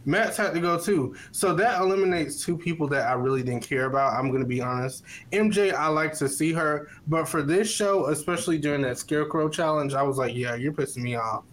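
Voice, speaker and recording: A man with a somewhat high voice co-hosting a casual podcast. He gives his opinions bluntly, in a relaxed and unhurried way. A faint hiss sits under his voice. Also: poor audio. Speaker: podcast co-host. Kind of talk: casual chat.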